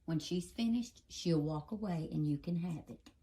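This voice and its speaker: A woman's voice: on the low side, normal speed, mellow, slightly rough. A woman filming at home with a phone camera, coaxing and scolding her dogs in pet-talk. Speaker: dog owner filming her pets. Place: home indoors.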